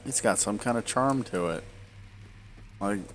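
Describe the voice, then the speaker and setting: A man's voice: lowish voice, a little slow, a bit bright, faint music behind. A man in his forties talking casually over gameplay, rambling off into tangents, hiccuping and speaking around a swollen tongue. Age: 40s. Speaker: gameplay video creator.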